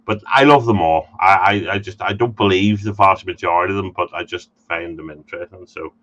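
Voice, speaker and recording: A man's voice: low-pitched, a little fast, fairly bright tone, lo-fi sound. A man from the United Kingdom hosting a casual interview, stammering and repeating words as he tells stories. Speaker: podcast host.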